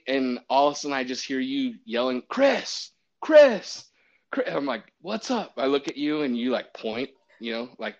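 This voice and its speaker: Storytelling umpire man, dull audio. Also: mid-range voice. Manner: animated, acts out quotes, many restarts. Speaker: baseball umpire. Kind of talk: casual storytelling.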